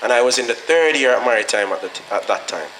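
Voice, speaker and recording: A man's voice: medium pitch, animated, quick pace, fairly bright tone. Jamaican man speaking in an echoey hall. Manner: earnest storytelling, slips into patois when quoting himself. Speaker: guest speaker at a graduation. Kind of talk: motivational speech. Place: school graduation ceremony. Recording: echoey hall with faint noise.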